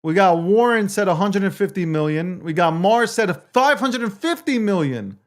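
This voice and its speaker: A man's voice: sits high, lively intonation, normal speed. A man hosting his own live show, casually chatting and reading viewer comments aloud, swearing freely and swinging between mock hurt feelings and getting fired up. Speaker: livestream show host. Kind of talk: casual live-stream chat.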